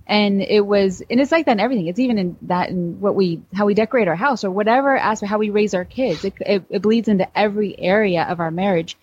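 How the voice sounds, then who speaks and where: A woman's voice: mid-range voice, quick pace, hardly any pauses, a little mellow, slightly rough, no room sound, highs cut off. A woman guesting on a podcast, speaking thoughtfully and searching for words. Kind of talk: casual podcast chat.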